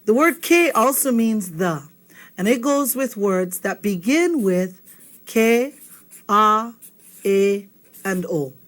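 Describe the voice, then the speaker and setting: A woman's voice: mid-range voice, expressive, takes it slowly, pauses often. A woman teaching a video language lesson, patient and checking in with listeners often. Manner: patient, checks in with frequent "okay?".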